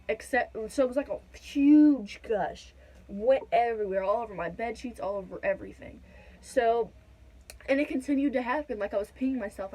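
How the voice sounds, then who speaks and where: A woman's voice: fairly high pitch, warm tone, rough recording. A young woman telling a personal story to her viewers in a chatty, direct way, filling gaps with "da da da.". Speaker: vlogger. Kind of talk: casual storytime.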